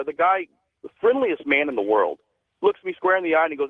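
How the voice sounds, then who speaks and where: Animated male caller on a phone line. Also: on the high side, a little fast, no room sound. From Texas. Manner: animated, earnest storyteller. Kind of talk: call-in storytelling.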